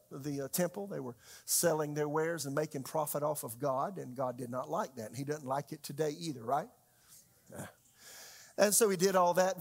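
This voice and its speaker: Male pastor, high tenor, conversational sermon with big dynamic swings. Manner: conversational preaching with sharp swings in pitch and loudness, rhetorical questions.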